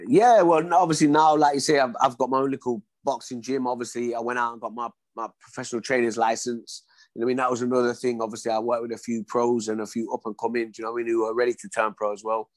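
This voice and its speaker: A man's voice: medium pitch, little pitch movement, quick pace, dry recording. A man, a former boxer telling his story in an interview, acting out dialogue and often saying "you know what I mean".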